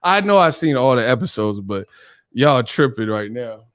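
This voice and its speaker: A man's voice: medium pitch, very animated, moderate pace. A male channel host in a casual live-stream chat, telling stories animatedly and laughing often.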